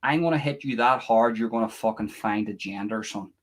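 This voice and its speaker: A man's voice: on the low side, a little fast. A man with an Irish accent, a little drunk, hosting a casual live stream from home with profane rants. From Ireland. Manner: profane, ranting and mocking. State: a bit drunk. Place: room at home.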